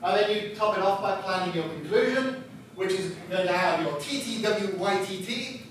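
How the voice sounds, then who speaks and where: A man's voice: high voice, animated, moderate pace, slight background noise. A man giving an instructional talk on writing a book, chatty with self-deprecating humor. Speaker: book publisher presenting a workshop. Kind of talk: instructional presentation. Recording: echoey room picked up from a distance.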